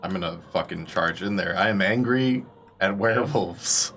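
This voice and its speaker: Very deep-voiced brash male player. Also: moderate pace, fairly bright tone, faint music behind. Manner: brash, joking. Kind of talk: casual tabletop play.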